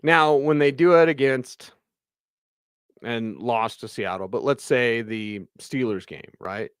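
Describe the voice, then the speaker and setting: Chatty, excitable sports radio host. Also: male voice, medium pitch, clear, resonant tone, no room sound, clean studio sound. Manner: excitable, chatty, fast bursts. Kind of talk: live postgame show reading viewer comments.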